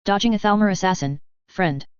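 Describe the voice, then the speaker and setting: Woman voicing a gentle shrewd shopkeeper. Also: medium pitch, clean tone, no room sound, highs cut off, close to an everyday voice. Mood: probing. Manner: gentle, soothing, measured. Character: calm, shrewd male pawnshop keeper.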